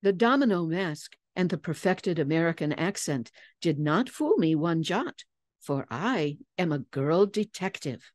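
A woman's voice: on the low side, animated, measured pace, no echo, studio quality. Woman voicing a wry girl detective. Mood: explaining. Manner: crisp, precise, lecturing. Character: clever young girl detective, composed and wry.

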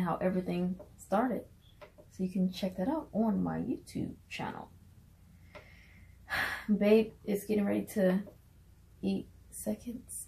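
A woman's voice: mid-range voice, creaky, a little mellow, low-quality recording. A woman with a Southern US accent, chatting in a bubbly, laughing way on a casual vlog. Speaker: vlogger and minister.

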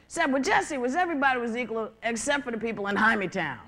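Brief: woman comic, high animated voice, profane live stand-up, noisy VHS tape with loud audience. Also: fast. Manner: profane, conversational, mocking impressions. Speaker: stand-up comedian. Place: theater stage with laughing audience.

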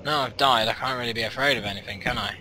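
A man's voice: mid-range voice, fast talker, noisy background. Muttering young man playing a game. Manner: rambling, self-mocking, often muttered half to himself. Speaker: gameplay commentator. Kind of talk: let's-play commentary. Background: game music.

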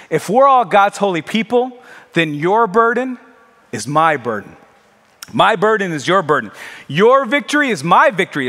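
Man pastor, high-pitched, preaching with fervor and repetition, long sanctuary reverb. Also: fairly bright tone. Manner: impassioned, conversational preaching with emphatic repetition. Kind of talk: sermon. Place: church sanctuary.

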